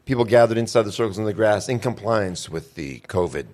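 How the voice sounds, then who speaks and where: A man with a fairly low voice hosts a casual news talk show. He rambles through stories and often stumbles into restarts. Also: expressive, fairly quick, darkish tone. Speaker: show host.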